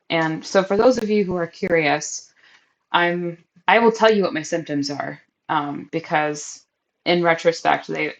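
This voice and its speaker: A woman's voice: lowish voice, gravelly. A young adult woman hosting a candid, emotional catch-up podcast, talking over a crackly built-in mic. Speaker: podcast host. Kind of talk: personal catch-up podcast monologue.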